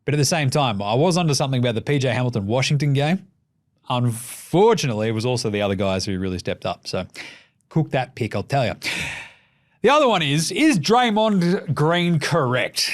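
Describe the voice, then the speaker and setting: A man's voice: mid-range voice, big pitch swings, fairly quick. A young adult man with an Australian accent hosting a basketball podcast, ranting in casual commentary with lots of swearing and sarcastic jokes.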